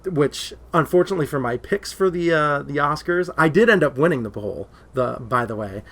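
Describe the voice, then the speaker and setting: A man co-hosting a casual movie talk show, rambling and getting excited when he retells a story. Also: fairly high pitch, a little fast. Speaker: podcast co-host.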